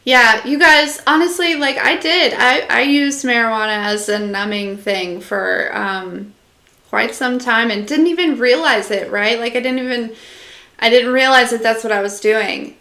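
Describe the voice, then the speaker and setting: A woman's voice: on the high side, a little slow, pushed and bright, roomy sound. A woman giving a casual live-stream channeled message as an intuitive reader, rambling with lots of fillers, talking straight to her viewers and answering their comments.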